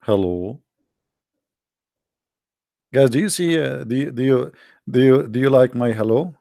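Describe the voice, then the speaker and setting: Gravelly man with an Arabic accent, mocking. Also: mid-range voice, unhurried, mellow, no room sound, studio quality. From Arab world. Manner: mocking, sarcastic, jumps into voices. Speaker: host. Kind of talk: casual commentary.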